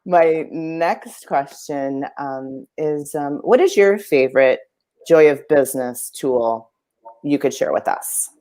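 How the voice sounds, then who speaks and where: A woman's voice: low-pitched, slow pace, mellow. An enthusiastic American woman hosting a live online interview. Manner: bubbly, enthusiastic. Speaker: interview host.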